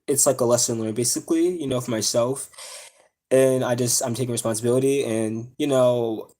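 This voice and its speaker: A man's voice: mid-range voice, fairly even intonation, a little fast, dark tone. A young man on a live stream telling a personal story, upset and close to tears, rambling with many fillers and restarts. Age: young adult. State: near tears.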